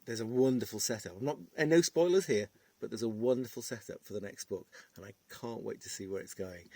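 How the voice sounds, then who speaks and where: A man's voice: on the low side, a little mellow, no room sound. A man with a Liverpool accent, an audiobook narrator, talking enthusiastically about a book he recorded. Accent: Liverpool (Scouse). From England, Wirral. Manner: enthusiastic, effusive. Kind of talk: casual promotional talk.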